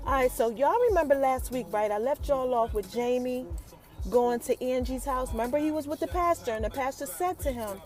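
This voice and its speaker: A woman's voice: sits high, a little mellow. A woman hosting a podcast, recapping a TV episode in a chatty, hyped way. She talks straight to her listeners and acts out the characters' lines as she retells the scenes. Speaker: podcast host.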